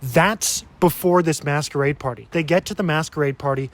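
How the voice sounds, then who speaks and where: Exasperated, sarcastic male book reviewer, casual delivery, voice sits a bit high. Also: normal speed.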